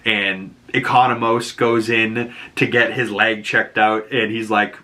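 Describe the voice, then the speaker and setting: A man's voice: on the low side, level tone, measured pace, bright, forceful tone. A man casually recapping a show episode, rambling and loose, with lots of likes and swearing.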